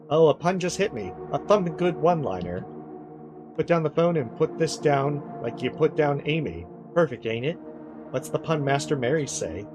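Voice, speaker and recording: A man's voice: medium pitch, close to an everyday voice. Guy reading out a snide mocking object taunting someone, game music under it. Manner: taunting, sneering.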